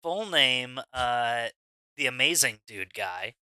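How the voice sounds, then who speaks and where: A man running a tabletop game, speaking slowly and stopping often to hedge with ums. His voice is very bright and crisp, with a slightly raised pitch. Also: lively intonation, dry recording. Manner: unhurried, with frequent ums and uhs. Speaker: game master.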